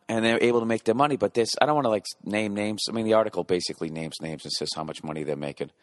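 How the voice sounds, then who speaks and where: A man's voice: on the low side, no room sound, studio quality. Profane, ranting man in his forties. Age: 40s. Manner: profane ranting, mimics beats with his mouth; heckles himself in asides. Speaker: podcast host. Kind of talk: rambling comedic monologue.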